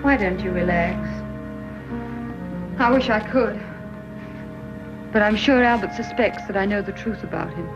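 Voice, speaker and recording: An actress playing a troubled, determined widow speaking with tense, bitter earnestness in a 1930s radio drama. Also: female voice, medium pitch, unhurried, pauses often, over music, natural voice. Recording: muffled 1930s radio recording.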